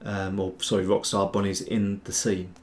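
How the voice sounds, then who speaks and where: A man's voice: deep voice, level tone, moderate pace. A man hosting a casual livestream tutorial, rambling and chatty as he answers viewer chat while he works. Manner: rambling, chatty, trails off and restarts. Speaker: host, 3D sculptor.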